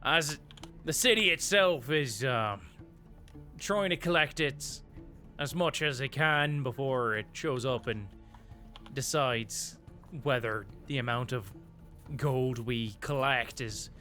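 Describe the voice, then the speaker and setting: A man narrating as game master for a tabletop game, unhurried and often pausing on fillers. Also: medium pitch, sharp tone, soft background music.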